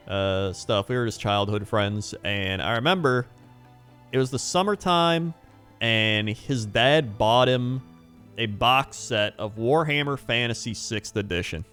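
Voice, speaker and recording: A man in his thirties talks through a long personal story in a loose, rambling vlog style, dotted with fillers and easy laughter. His voice sits at an ordinary middle pitch, and faint music plays quietly behind him. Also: smooth. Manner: rambling, chatty, laughs often, many fillers. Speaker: hobby channel host. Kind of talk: casual storytelling.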